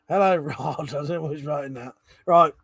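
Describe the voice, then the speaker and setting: Drunk streamer, rambly and sweary, slightly high voice, dry room. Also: male voice, creaky, husky, dry recording. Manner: rambling, swears a lot, laughs often. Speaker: live stream host. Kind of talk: casual live stream chat. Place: indoors at home.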